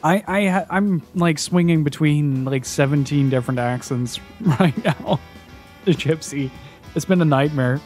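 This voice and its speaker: A man's voice: on the high side, unhurried, darkish tone, faint music behind. A man casually commenting on a video game he plays, joking and laughing, also reading the game's lines aloud. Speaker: streamer.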